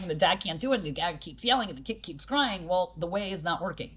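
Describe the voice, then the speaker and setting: Here she sounds lowish and husky, fairly bright, animated and quick. She's a boxing gym owner being interviewed on a podcast, speaking plainly and practically with strong emphasis while playing the voices of people she quotes.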